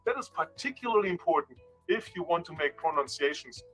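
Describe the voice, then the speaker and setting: Bright, playful male analyst. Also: a little high, fairly quick, faint music behind, rough recording. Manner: animated, teasing, repeats words to correct pronunciation. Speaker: industry analyst presenting a segment. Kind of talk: playful explanatory monologue.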